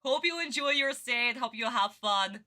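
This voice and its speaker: A woman's voice: on the high side, animated, normal speed, pushed and bright. A woman streamer reacting live to a cartoon, gushing at her chat with pet names and laughing often.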